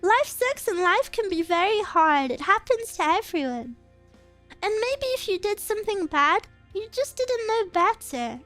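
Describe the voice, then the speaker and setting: A woman's voice: very high-pitched, big pitch swings, moderate pace, fairly bright tone, soft background music. A woman streamer in a casual live chat, earnestly encouraging her viewers and getting a little choked up. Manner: gets choked up and emotional.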